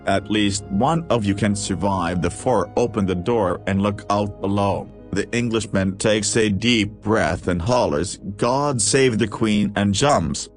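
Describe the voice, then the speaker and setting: A man reading a list of jokes aloud, with a steady question-and-punchline delivery. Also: fairly low pitch, unhurried, hardly any pauses, soft background music. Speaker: joke reader.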